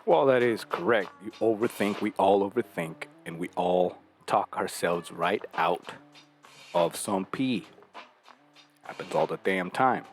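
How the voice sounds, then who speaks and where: A man hosting a talk show, lecturing bluntly and profanely, full of rhetorical questions. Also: low voice. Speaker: podcast host giving dating advice. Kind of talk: casual talk.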